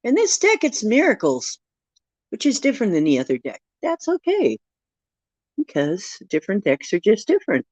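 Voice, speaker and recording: Reading oracle cards on a casual live stream, a woman jokes at her own expense and goes slowly through each card's text. Her mid-range, slightly mellow voice swings hugely in pitch, recorded dull and lo-fi with no room sound.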